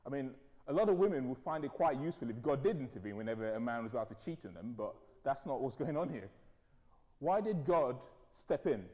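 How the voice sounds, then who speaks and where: Lively male preacher in a reverberant hall. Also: fairly high pitch. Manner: animated storytelling, conversational asides. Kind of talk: sermon.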